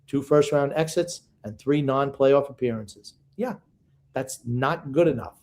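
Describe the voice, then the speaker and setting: An older man co-hosting a casual sports podcast, gruff and opinionated, reading listener comments and ribbing his co-host. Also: medium pitch, measured pace, darkish tone.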